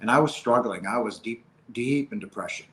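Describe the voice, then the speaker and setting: A man speaking as an interview guest, telling a personal story in an earnest, halting, emotional way. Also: mid-range voice, a little hiss or hum, rough recording.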